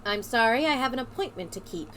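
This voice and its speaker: A woman's voice: fairly high pitch, lively intonation, a bit bright, slight background noise. A woman voicing a nervous, apologetic young woman in a game. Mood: flustered. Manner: nervous, hurried.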